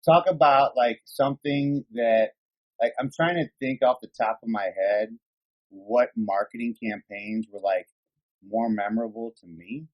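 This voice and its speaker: A man co-hosts a casual podcast and swears freely as he rambles with excitement. His voice sits at an ordinary pitch. The recording sounds a little dull and lo-fi. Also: unhurried. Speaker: podcast co-host. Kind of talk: casual chat.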